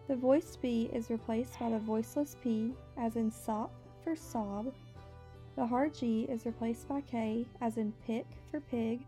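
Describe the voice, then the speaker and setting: A woman's voice: on the high side, warm tone. Woman reading a class presentation. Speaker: student presenter. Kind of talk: scripted narration.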